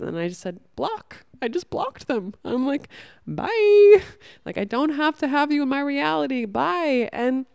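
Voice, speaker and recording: A woman's voice: a little high, a little mellow, no echo, studio quality. A young woman giving an earnest, casual motivational talk, swearing now and then. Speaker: host.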